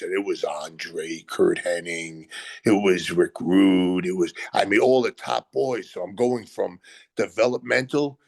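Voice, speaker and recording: An older man telling animated stories as a guest, acting out other people's lines in quotes. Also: low-pitched, a little slow, gravelly, no room sound. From Brooklyn, USA. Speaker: retired pro wrestler guest. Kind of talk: animated storytelling.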